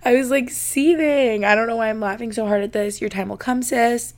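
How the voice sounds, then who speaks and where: A woman's voice: fairly high pitch, fairly quick, darkish tone. A young woman hosting a casual podcast, reading listener confessions and chatting about them, saying "like" constantly. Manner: chatty, says "like" constantly, laughs while reading. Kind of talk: casual chat.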